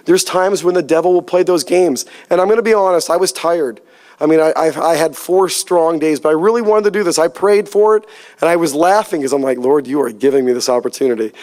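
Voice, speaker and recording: A man's voice: fairly high pitch, a little mellow, in a large hall. Earnest man telling a tearful testimony. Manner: earnest storytelling, voice rising and cracking with emotion. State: near tears. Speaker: church speaker sharing testimony. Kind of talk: testimony talk to a church group.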